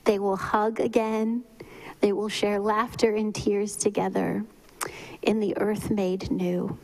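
A woman preaching a memorial sermon in a slow, measured way, often dropping to a whisper. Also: mid-range voice, level tone, vocal fry, darkish tone, low-quality recording. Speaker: pastor giving a eulogy.

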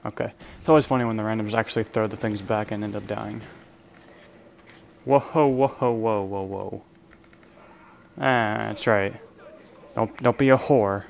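A man's voice: lowish voice, fairly even intonation, a little fast, creaky, slight background noise. A young man giving casual, joking live commentary over an online zombie game, leaning toward his desk microphone and bantering at the other players. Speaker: gaming channel host. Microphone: desk microphone, leaning in to be heard.

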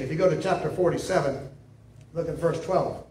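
Preaching a sermon, a man repeats himself for emphasis and keeps checking in with "see?". He talks briskly in a fairly high, slightly mellow voice; the recording, made from a distance in an echoing room, has some hiss or hum.

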